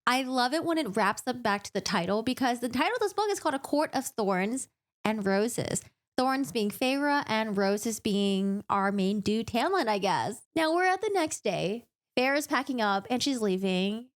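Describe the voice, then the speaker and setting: A woman's voice: fairly high pitch, normal speed. Chatty young woman recapping a book. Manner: chatty, animated, jokey. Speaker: book vlogger.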